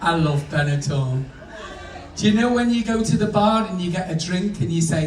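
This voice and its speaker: A man's voice: high voice, normal speed. A man doing bawdy stand-up comedy on a cruise ship, chatting to the crowd. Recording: echoey room, distant mic, noisy.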